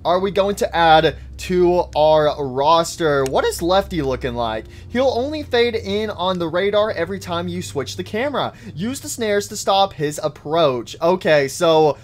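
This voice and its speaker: Excitable high-voiced gaming man. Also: unhurried, few pauses. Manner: excitable, talks to the game characters. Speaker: gaming YouTuber. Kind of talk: live let's-play commentary.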